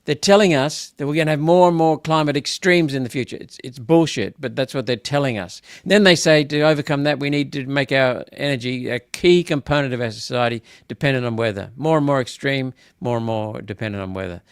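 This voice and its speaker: A man's voice: medium pitch, fairly quick, hardly any pauses, clean tone, dry recording. A man hosting a live political commentary, talking casually and repeating himself as he grows indignant and emphatic. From Australia. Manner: indignant, repetitive, rising to emphatic outbursts. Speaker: senator hosting a political wrap-up.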